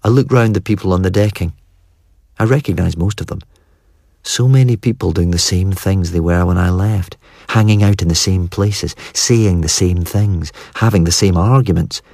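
Audiobook reader, man, very deep voice, dry close sound, wry and measured. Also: creaky, a little mellow, dry recording. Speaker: audiobook narrator. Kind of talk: first-person audiobook narration.

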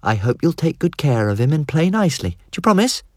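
A man voicing a prim, gently bossy middle-aged mother in an audiobook, talking sweetly and coaxingly. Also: a little high, very animated, fast, no echo, clean studio sound, pitched above the performer's own voice.

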